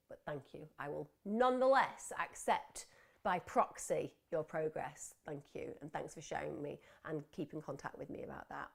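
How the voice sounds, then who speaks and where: Woman, low gravelly voice, chatty reassuring therapist on a live stream. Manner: warm, reassuring therapist talk. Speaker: host of a live wellbeing clinic. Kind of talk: live advice chat, reading viewer questions.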